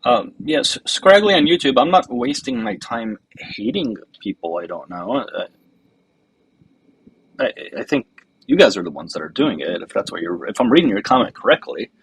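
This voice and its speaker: A man's voice: medium pitch, sing-song, moderate pace, slight background noise, low-quality recording. A man hosting a live stream, reading viewer comments aloud in a loose, rambling way. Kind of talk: casual live-stream chat.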